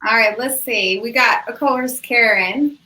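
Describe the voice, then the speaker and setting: A woman's voice: a little high, pushed and bright, slight background noise, low-quality recording. A woman co-hosting a podcast, reading listener questions and chatting casually. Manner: brisk, reads questions aloud. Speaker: podcast co-host.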